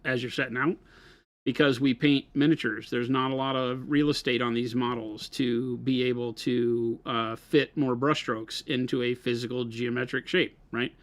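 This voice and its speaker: A man's voice: medium pitch, fairly even intonation, moderate pace, dry recording. Brief: man, stream co-host, patient explainer, dry close mic. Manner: explains patiently, asks "right?" often. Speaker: co-host and painter on a hobby live stream. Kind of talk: casual live-stream chat and painting tips.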